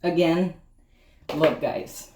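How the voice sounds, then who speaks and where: A woman with a deep voice speaks very slowly as she casually chats while working on grooming her dogs at home. She teases the dog, talks to her viewers, and is sweaty from the effort. The recording has an echoey room sound and faint clipper hum.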